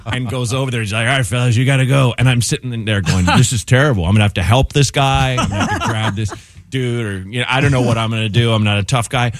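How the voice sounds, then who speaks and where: A man's voice: mid-range voice, quick pace, dry recording. A man, a comedian guest on a radio show, telling a story in casual talk and acting out the people in it. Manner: animated, acts out voices in his anecdotes. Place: radio studio.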